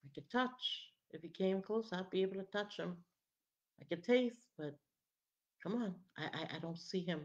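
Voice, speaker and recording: A woman acting out a desperate blind beggar man who pleads in a halting voice, within a sermon. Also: lowish voice, muffled recording, lightly acted. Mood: lamenting.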